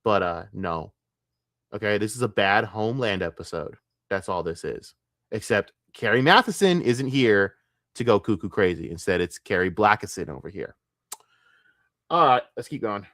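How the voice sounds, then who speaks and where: Guy streamer cussing and mocking, yells then mutters, dry close sound. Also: fairly low pitch, expressive, normal speed, dry recording. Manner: profane, mocking rants; shifts between shouting and muttering. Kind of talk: reaction stream commentary.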